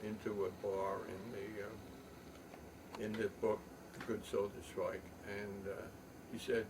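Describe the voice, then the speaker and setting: An older man telling a long rambling story, halting with many ums and restarts. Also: on the low side, level tone, darkish tone. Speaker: poet and storyteller. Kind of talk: rambling spoken reminiscence. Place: home loft. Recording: distant mic, faint room noise.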